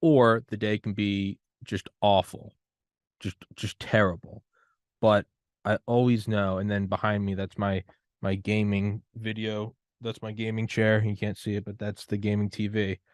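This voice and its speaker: A man hosting a podcast, talking in a loose, rambling way that turns loud and higher when he gets worked up. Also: flat delivery, measured pace, no room sound, clean studio sound. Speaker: podcast host. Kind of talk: casual conversation.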